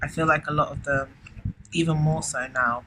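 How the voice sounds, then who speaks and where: A woman giving a casual spiritual tarot reading, effusive and chatty, often exclaiming and filling pauses. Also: low voice, steady tone. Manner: effusive, keeps exclaiming wow, chatty with many fillers. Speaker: tarot reader. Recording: loud background noise with clicks.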